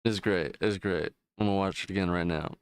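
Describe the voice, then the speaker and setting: A man with a low, smooth voice rambles casually through a stream, swearing freely and leaning on fillers. The sound is dry and close, with no room around it. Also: fairly even intonation, a little fast, no echo. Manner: rambling, profane, loose retelling with frequent fillers. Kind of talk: casual chat while gaming.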